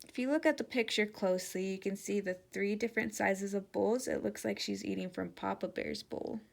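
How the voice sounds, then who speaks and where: A woman teacher giving an interactive children's read-aloud, speaking directly and warmly to the kids. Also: mid-range voice, brisk, gravelly.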